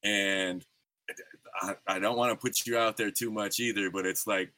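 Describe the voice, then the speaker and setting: Male podcast host, 30s, slangy and rambling, lowish voice, close and dry. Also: fairly even intonation, moderate pace, pushed and bright, no room sound. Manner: laid-back slangy storytelling with lots of fillers. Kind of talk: casual interview chat.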